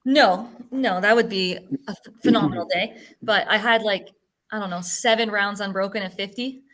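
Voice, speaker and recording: Bright-voiced chatty woman guest. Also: mid-range voice, moderate pace. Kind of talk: casual chat.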